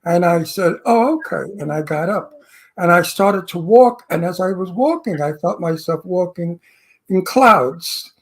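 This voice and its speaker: A man's voice: high voice, expressive, unhurried. An older male co-host, telling a story in a theatrical, reminiscing way. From Brooklyn. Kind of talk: casual chat.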